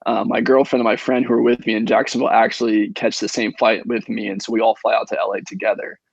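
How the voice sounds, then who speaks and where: Low gravelly young man telling stories. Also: fast talker, no echo, dull audio. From Indiana. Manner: relaxed, filler-heavy storytelling with many ums. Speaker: guest, professional baseball pitcher. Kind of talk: casual podcast storytelling.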